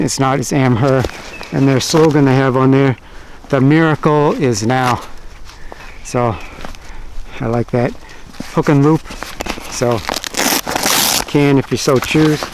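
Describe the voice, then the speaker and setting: A man hosting a bushcraft channel, giving a relaxed, plain-spoken gear review and listing items one by one. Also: medium pitch, a little hiss or hum. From United States.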